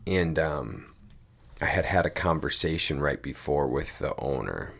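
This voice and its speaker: A man's voice: extremely low pitch, expressive, measured pace, creaky, fairly bright tone, slightly rough. A man co-hosting a podcast, telling a rambling story in casual chat, swearing casually and saying "dude" and "like" a lot. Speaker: podcast co-host.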